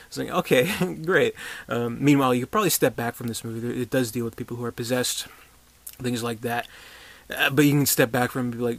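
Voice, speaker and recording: A man's voice: medium pitch, steady tone, a little fast, gravelly, fairly bright tone, dry recording. A man giving a casual, rambling movie review, sarcastic and profane, with many restarts and chuckling asides.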